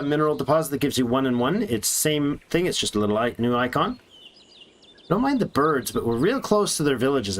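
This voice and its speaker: Lively, chatty man streaming a game. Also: on the high side. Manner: chatty, thinking aloud, joking to himself. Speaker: let's play streamer. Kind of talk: casual gameplay commentary.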